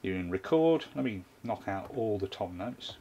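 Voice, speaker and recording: A man's voice: on the low side, animated, moderate pace, dark tone, a little hiss or hum. A man giving a hands-on tutorial, explaining a drum machine's sequencer step by step while he plays it. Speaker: music gear reviewer.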